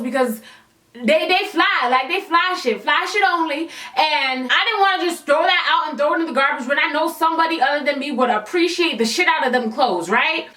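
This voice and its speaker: A sassy woman vlogger tells her story in an animated, slangy way. Her voice sits high and sounds bright and sharp, and it bounces around an echoey room. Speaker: YouTuber. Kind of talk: storytime vlog.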